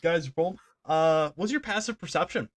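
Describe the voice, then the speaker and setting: A man's voice: a little high, lively intonation, normal speed. A man running a tabletop game as dungeon master, talking casually, laughing and swearing a little.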